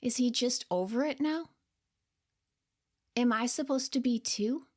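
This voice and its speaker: A woman narrating her own story in the first person, quiet, unsure and earnest. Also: on the high side, unhurried. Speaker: podcast storyteller.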